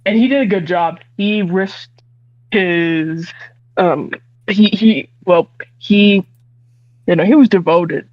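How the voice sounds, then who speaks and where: A guest chatting casually on an interview show, talking haltingly with many restarts. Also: mid-range voice, no room sound. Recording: dull, dry, lo-fi call audio.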